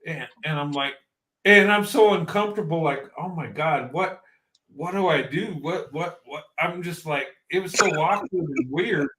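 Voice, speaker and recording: A man's voice: on the high side, moderate pace. Chatty man in an echoey room. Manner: animated, laughing often. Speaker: guest. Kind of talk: casual storytelling.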